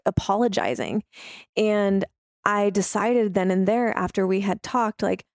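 A woman with a mid-range voice and a gravelly edge shares a personal story. She speaks openly and from the heart, with casual fillers throughout. The recording is dry and close. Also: medium pitch, darkish tone, no room sound. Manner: heartfelt, open, with fillers like "like" and "you know".

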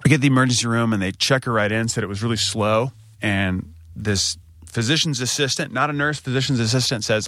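In clean studio sound with no room echo, a podcast co-host tells a personal story candidly during a casual storytelling chat. He is an American man in his thirties with a mid-range voice, speaking fairly quickly and becoming animated when quoting people.

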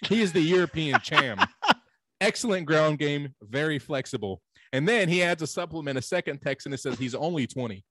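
A man co-hosting a podcast in casual chat, telling stories with dry, deadpan humor. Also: a little high, moderate pace, dry recording. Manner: dry storytelling, deadpan jokes. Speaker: podcast co-host.

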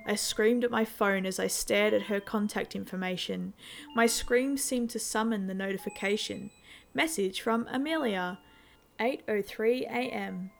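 A woman narrating a first-person suspense story in a tense, steady way, with faint music behind her. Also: medium pitch, measured pace, gravelly. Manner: tense, steady storytelling with sudden shouted outbursts.

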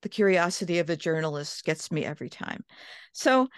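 Woman guest, smooth voice, dry close sound, chatty storytelling with restarts. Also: on the low side, expressive, a little fast, no echo. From Minnesota. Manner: chatty, many restarts and quoted inner thoughts. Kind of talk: casual interview storytelling.

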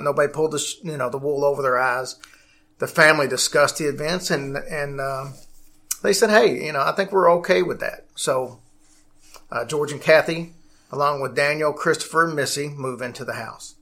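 A man's voice: on the high side, moderate pace, a bit bright. A man hosting a casual podcast, rambling along and often restarting his sentences. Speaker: podcast host.

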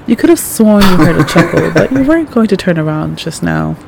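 A woman reading second-person fanfiction aloud in a soft, calm voice that sometimes drops near a whisper. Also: on the low side, a little fast, creaky, heavy background noise. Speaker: fanfic reader.

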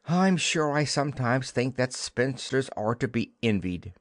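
A man's voice: medium pitch, animated, measured pace, no room sound, studio quality, natural voice. A man voicing a prim young girl who plays a fussy mother to a band of boys, with a proper, scolding manner.

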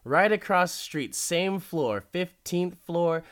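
Smug obsessive rich blackmailer, high and pushy; a man voicing him. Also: lively intonation, slow, fairly bright tone, clean tone, exaggerated voice. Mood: gloating.

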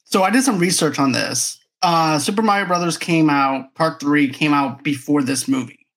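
A man guesting on a podcast, chatting about a movie and quickly recalling scenes. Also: on the high side, a bit bright. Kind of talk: casual movie review chat.

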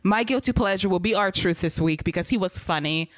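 A woman hosting a casual wrestling recap podcast, talking quickly and bluntly and laughing often. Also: medium pitch, no room sound. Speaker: podcast host.

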